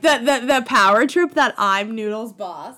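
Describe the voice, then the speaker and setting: A woman's voice: fairly high pitch, moderate pace, a crowd in the background. A woman in casual chat, telling stories animatedly and acting out other people's quotes. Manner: animated storyteller who acts out quotes. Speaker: podcast co-host, former boss.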